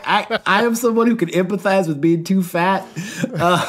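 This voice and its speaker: A man with a fairly high voice tells a story on a podcast, laughing as he goes. He acts out the quoted lines and swings between hushed asides and bursts of excitement. It is relaxed, casual chat between friends. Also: measured pace. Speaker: youth pastor, podcast co-host.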